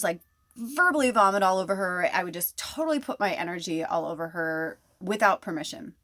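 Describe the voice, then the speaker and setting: Rambling, chatty woman with a low voice. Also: a little fast, fairly bright tone, no echo, clean studio sound. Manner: rambling, chatty, swears freely, laughs often. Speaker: podcast host. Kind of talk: casual spiritual talk.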